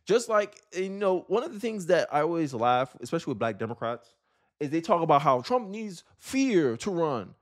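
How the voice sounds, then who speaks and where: A man delivers political commentary in a blunt, opinionated way. He hammers home his points and keeps asking rhetorical questions. His voice sits a little higher than most men's. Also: sing-song, normal speed.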